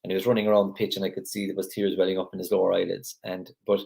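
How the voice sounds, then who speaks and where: A man's voice: deep voice, flat delivery, rapid-fire, vocal fry, a little mellow. A man leading a gratitude group on a live video call, talking casually in a chatty, rambling way with lots of restarts.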